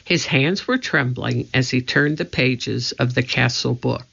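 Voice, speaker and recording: Slow, gravelly storybook narrator. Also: medium pitch, a bit bright. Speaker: audiobook reader. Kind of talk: children's book narration. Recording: muffled lo-fi recording.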